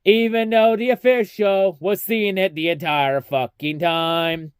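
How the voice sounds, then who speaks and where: A young man with a high, smooth voice rants through a casual race recap, swearing often and mocking what he saw. The sound is dry and close, with no room around it. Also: steady tone, measured pace, no echo. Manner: ranting, heavy swearing, mocking. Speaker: racing recap vlogger.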